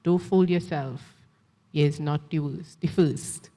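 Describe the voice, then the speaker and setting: Stern old Trinidadian fortune-teller, blunt and flat-faced, lowish voice in a reverberant hall, read by a woman. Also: unhurried, background noise. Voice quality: blunt, matter-of-fact Creole speech.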